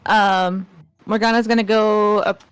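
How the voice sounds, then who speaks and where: A woman's voice: mid-range voice, little pitch movement, measured pace, clean tone, no room sound. A woman playing a tabletop game, describing her character's actions in a hesitant, giggly way. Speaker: player. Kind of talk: casual tabletop play.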